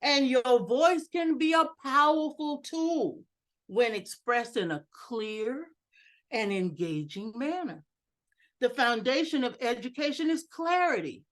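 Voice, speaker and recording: Slow, high-voiced woman teaching speaking skills. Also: lively intonation. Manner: deliberate, varies pitch and loudness for emphasis; self-mocking humor about her technical skills. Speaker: educational speaker at a club meeting. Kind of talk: instructional speech over a video call. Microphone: video call computer mic.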